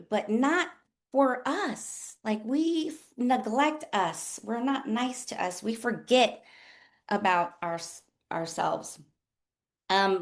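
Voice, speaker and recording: A woman who works as a nurse coach, hosting a casual motivational talk in a candid, rambling way with lots of fillers. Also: medium pitch. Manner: rambling and chatty, full of fillers like "like" and "um"; candid and self-deprecating.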